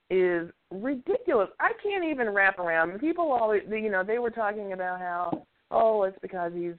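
A woman giving blunt, opinionated commentary in a casual chat, chuckling now and then as she talks. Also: mid-range voice. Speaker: show regular giving opinions. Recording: tinny phone-like sound.

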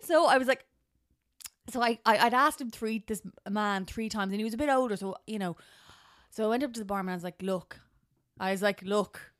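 Bright-voiced Irish woman co-host. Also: mid-range voice, brisk. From Ireland. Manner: animated storytelling, acting out quoted voices. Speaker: podcast co-host. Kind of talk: casual chat.

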